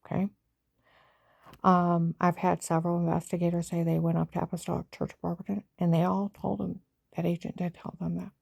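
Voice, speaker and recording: A woman's voice: on the low side, little pitch movement, brisk, gravelly, a little mellow, dry recording. A woman giving an agitated, rambling personal account and acting out what other people said. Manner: agitated, rambling retelling that acts out others' lines.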